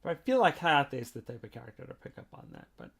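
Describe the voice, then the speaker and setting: Podcast guy rambling through a manga recap, kinda gravelly, lots of "like". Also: medium pitch, huge pitch swings, fast, fairly bright tone. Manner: chatty, rambling, with frequent "like" and "you know". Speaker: podcast host reviewing a manga chapter. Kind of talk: casual recap and commentary.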